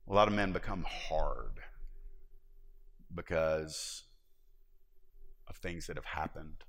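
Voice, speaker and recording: Low-voiced male pastor preaching in a reverberant hall. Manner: animated, jumps into high voices acting out David; conversational, joking asides to the congregation. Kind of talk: sermon. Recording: long reverb of a large hall.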